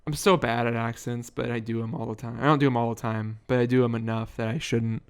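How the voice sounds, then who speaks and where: A man's voice: medium pitch, fairly even intonation, fast talker, clear, resonant tone. A young man co-hosting a casual podcast in a basement, joking around and slipping into silly accents. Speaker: podcast co-host. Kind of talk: casual chat.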